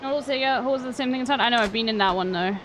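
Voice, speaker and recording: A woman's voice: on the high side, very fast, background noise. A young woman streamer chatting casually and swearing freely while she plays a video game. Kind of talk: casual gameplay commentary. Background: game music.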